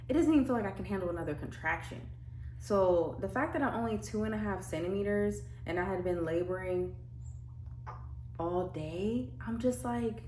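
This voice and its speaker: A woman's voice: medium pitch, darkish tone, a little hiss or hum. A young woman vlogger telling her birth story in casual chat, full of fillers and acted-out quotes. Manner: chatty, many "like" fillers, acts out quotes. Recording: echoey room with faint ambience.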